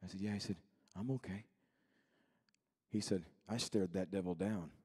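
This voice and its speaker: A man in his thirties preaching a sermon in a church, moving between quiet storytelling and shouted, fervent preaching. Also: low-pitched, steady tone, moderate pace, noisy background. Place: church sanctuary.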